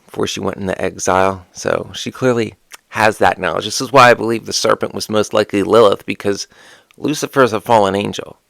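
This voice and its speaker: A man's voice: lowish voice, brisk, gravelly, a bit bright, no room sound. A man talking casually to camera, musing aloud with rhetorical questions and sardonic asides. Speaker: witchcraft content creator.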